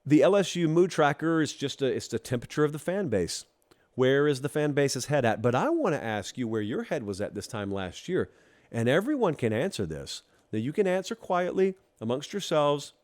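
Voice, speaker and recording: A man from Georgia hosting a college football show, talking straight to the fans in a teasing, animated monologue. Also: on the high side, moderate pace. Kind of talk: casual opinion monologue.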